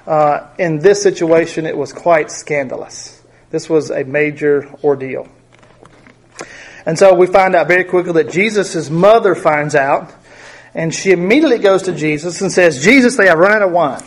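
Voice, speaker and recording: A man's voice: fairly high pitch, normal speed. A middle-aged man teaching a Bible study in a conversational way, often asking his group questions.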